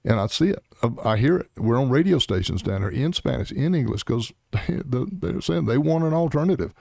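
Brief: middle-aged male political guest, gravelly and dark-toned, blunt and emphatic. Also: medium pitch, animated, brisk, dry recording, studio quality. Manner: blunt, emphatic, punchy short commands. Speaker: Senate candidate guest. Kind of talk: political interview.

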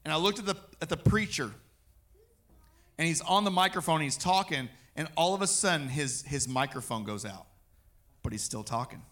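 A man preaching a personal testimony, telling his story in an animated way and acting out what he said. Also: on the high side, moderate pace.

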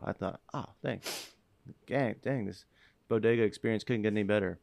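A man co-hosting a podcast, telling a rambling, animated story in casual chat and swearing freely. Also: lowish voice, brisk, gravelly, no echo. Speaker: podcast co-host.

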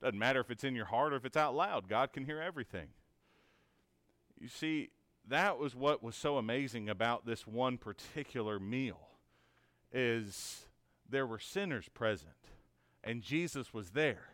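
A man's voice: medium pitch, lively intonation, moderate pace, fairly bright tone, dry recording. A man teaching a conversational Bible lesson in an earnest, encouraging way, asking many rhetorical questions and often checking in with "right?".

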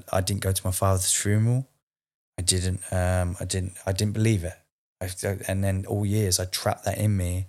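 A man in his forties telling a raw, emotional personal story in a candid conversation, swearing freely. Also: on the low side. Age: 40s.

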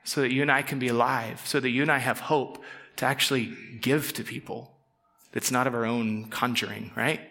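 A middle-aged man preaching a casual, conversational sermon. He acts out quick quoted voices and sometimes drops to a soft, intense tone. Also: mid-range voice, level tone. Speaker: pastor.

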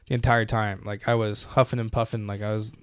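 A man co-hosting a casual podcast, animated and rambling, swearing constantly as he talks. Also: on the low side, a little fast, smooth, no room sound, clean studio sound. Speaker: podcast co-host.

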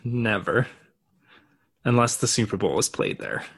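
A man's voice: medium pitch, creaky, fairly bright tone, breathy edge. A man co-hosting a podcast, cracking jokes and teasing in casual banter. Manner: joking, teasing banter with quick asides. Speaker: podcast co-host.

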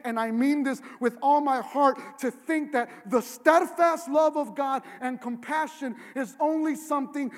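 Man preaching, really high voice, earnest and gets loud and emphatic, big echoey church sound. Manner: earnest, builds to emphatic near-shouting. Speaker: pastor. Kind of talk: sermon. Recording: long hall reverb.

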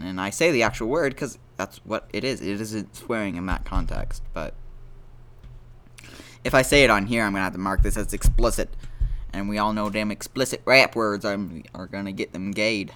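A man's voice: fairly low pitch, moderate pace, bright, forceful tone, clear, resonant tone. A man hosting a casual solo podcast, rambling and joking at his own expense. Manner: rambling, self-deprecating, jokey. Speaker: podcast host.

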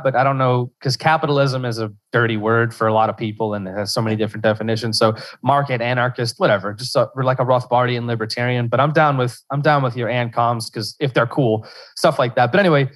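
Young man, guest in an interview, casual talk, halting, lots of restarts. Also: medium pitch. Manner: halting, searching for words, many restarts. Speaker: podcast host as guest.

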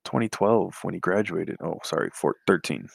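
Deep gravelly man, halting chat. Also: lively intonation, no room sound. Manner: hesitant, many fillers and sighs. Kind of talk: casual sports chat.

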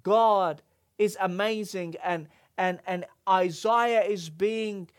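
A preacher giving an earnest sermon, often halting and restarting mid-phrase, building emphasis through repetition. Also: medium pitch, clean tone. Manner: halting, with many restarts and fillers.

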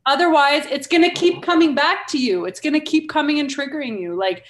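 A woman's voice: high-pitched, a little fast, roomy sound. A woman speaking bluntly in a casual podcast conversation, swearing freely and laughing often. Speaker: guest, founder of a mothers' group.

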